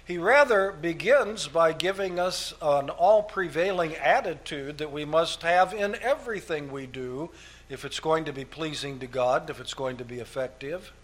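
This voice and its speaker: Male pastor, emphatic sermon delivery in a somewhat high voice, hammers points by repetition. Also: a bit bright. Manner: emphatic, repeats key phrases, structured numbered points.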